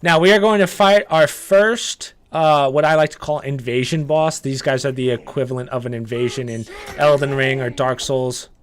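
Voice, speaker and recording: A man's voice: medium pitch, normal speed, few pauses, a little hiss or hum. Chatty man narrating a game walkthrough. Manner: relaxed and chatty, frequent "uh" and "um", explains steps as he plays. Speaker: gaming guide creator. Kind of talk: casual gameplay walkthrough commentary.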